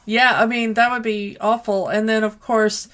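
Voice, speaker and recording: A woman co-hosting a podcast in casual chat, unhurried, with lots of fillers. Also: on the high side, little pitch movement, a bit bright. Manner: unhurried, many fillers like um and you know. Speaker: podcast co-host.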